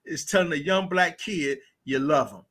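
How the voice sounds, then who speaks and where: A man with a high, bright, ringing voice tells stories on a podcast. He is blunt and boisterous, and he laughs a lot. He slips into quick acted-out voices of kids and parents while he talks. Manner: animated storyteller, acts out voices of kids and parents. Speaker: teacher and basketball coach, guest. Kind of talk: casual podcast conversation.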